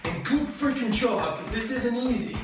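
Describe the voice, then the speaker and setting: A woman's voice: fairly high pitch, expressive, normal speed, music in the background. A woman fitness instructor coaching a workout while she does it, upbeat, chatty and joking as she cues each move. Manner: upbeat, chatty and jokey, cueing moves as she does them. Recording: very echoey room, distant mic, audible noise.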